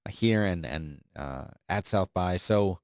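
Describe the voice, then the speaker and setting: Low-voiced guy hosting a podcast, lots of uhs, dry close mic. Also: a little slow, darkish tone, no room sound. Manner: rambling, many fillers and restarts. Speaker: podcast host. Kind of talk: casual chat. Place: office studio. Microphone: studio broadcast microphone.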